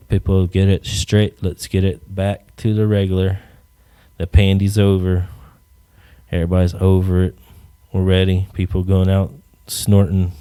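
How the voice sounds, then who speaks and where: A man's voice: low voice, warm tone, smooth, dry recording. A man hosting a podcast, ranting casually with rambling, profane, joking asides. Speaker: podcast host. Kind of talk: casual solo rant.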